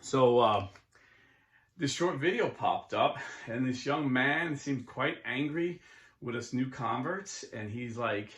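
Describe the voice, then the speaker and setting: A middle-aged man talks in a casual, earnest monologue at a middle pitch. He slips into preachy bursts as he makes his point. The sound carries the echo of a bare room. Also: animated, takes it slowly, a bit bright. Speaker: YouTube host and Catholic convert. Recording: echoey room.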